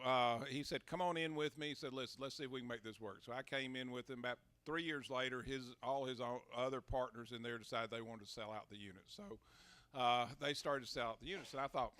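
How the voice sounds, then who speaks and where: A man's voice: medium pitch, pushed and bright. An older man, a guest at a live talk, telling folksy anecdotes with plenty of fillers and restarts. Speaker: interview guest, city mayor. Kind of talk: relaxed storytelling at a live talk.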